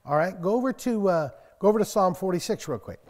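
This is a man in his sixties preaching to a small congregation, with a voice pitched a little higher than most men's. He talks in a folksy, storytelling way and breaks into loud emphasis when he reads scripture. The sound carries a long reverb from the church hall. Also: lively intonation, fast talker. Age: 60s. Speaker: pastor. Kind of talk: conversational sermon.

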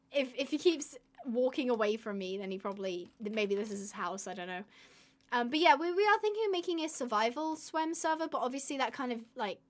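Lively woman streaming a game. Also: sits high. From United Kingdom. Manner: chatty, rambling, reads viewer comments aloud. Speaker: live streamer. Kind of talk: casual live-stream game commentary.

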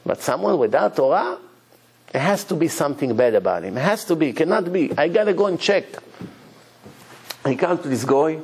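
A rabbi lectures in an animated, storytelling way, his English grammar nonstandard. His voice is slightly high and gravelly. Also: a little fast.

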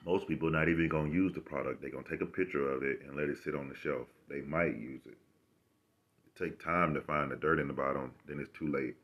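Low-voiced male vlogger, rambling and profane, sarcastic self-recorded rant. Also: fairly even intonation, fast talker, a bit bright, slightly rough. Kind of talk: casual ranting monologue.

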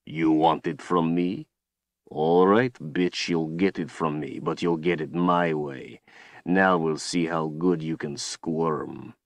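Guy doing a brutal commander, deep, hissing threats, no room sound at all. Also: fairly even intonation, slow pace, dry recording, full character voice. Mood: menacing. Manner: menacing, hissing. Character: brutal male commander, cruel and menacing.

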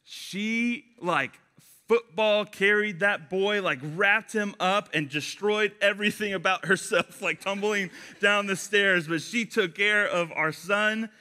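A young man giving a casual youth sermon, chatty and animated, telling stories with lots of fillers. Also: high voice, a little slow. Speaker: youth pastor.

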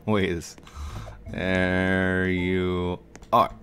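A man hosting a casual gameplay session, joking, laughing and humming along. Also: very slow. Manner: playful, laughs often, hums and sings along; excitable, pitch jumps high when alarmed. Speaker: gaming channel host.

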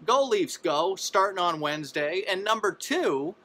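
Young male comic, rambling vlog storyteller; high-ish bright voice, loose and chatty. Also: animated, measured pace. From Canada. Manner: rambling, with many asides and fillers; jumps into exaggerated high disbelief. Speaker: comedian. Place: parents' basement.

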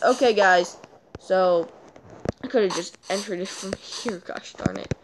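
A woman hosting a casual let's-play, rambling and excitable, chatting to the animals and repeating her sign-off. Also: mid-range voice, unhurried. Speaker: gaming channel host. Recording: audible clicking noise behind voice.

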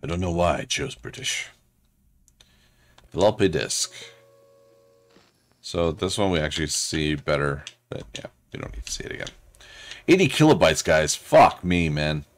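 A let's play host, a man with a very deep voice, cracking sarcastic jokes and swearing casually as he plays. His pitch swings widely when he gets excited. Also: measured pace, long pauses. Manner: joking, sarcastic, swears a lot. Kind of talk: casual gameplay commentary.

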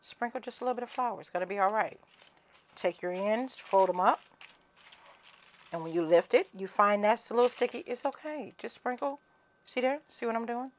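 A woman's voice: on the high side, normal speed. A woman with a Southern US accent, chatting folksily through a home cooking demonstration and calling viewers honey and cousin.

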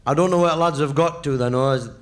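A man voicing a loud, belligerent, very drunk grown man, bellowing slurred demands. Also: a little high, fairly quick, heavy background noise, natural voice. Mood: drunk, demanding.

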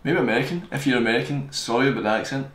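A young man reviewing a gadget on camera in a fast, joking, rambling way. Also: medium pitch, a bit bright. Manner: fast-talking, joking, digressive. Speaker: tech reviewer. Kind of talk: casual rambling product review. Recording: echoey room, faint hiss.

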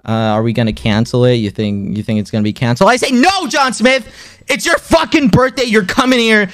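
An excitable streamer in his twenties retells a story to his viewers in a casual, chatty way, his pitch bouncing up and down as he repeats himself. The recording is dry.

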